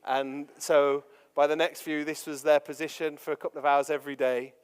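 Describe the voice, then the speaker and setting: A man delivers a sermon, leaning on playful anecdotes and frequent fillers. His voice sits a little high for a man. The sound carries the long reverb of a large hall. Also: little pitch movement, moderate pace, clear, resonant tone. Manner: jokey, anecdotal, lots of fillers. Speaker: pastor. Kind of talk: sermon with personal stories.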